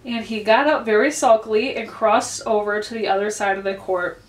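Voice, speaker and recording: A woman's voice: mid-range voice, moderate pace. A woman librarian reading a children's story aloud expressively in a library. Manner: clear, expressive read-aloud. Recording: roomy echo.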